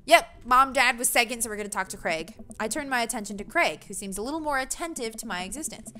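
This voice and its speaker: A woman's voice: a little high, lively intonation, quick pace, bright, forceful tone. A woman streaming a dating game, reading the text aloud with giggly, self-mocking asides. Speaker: let's-play streamer.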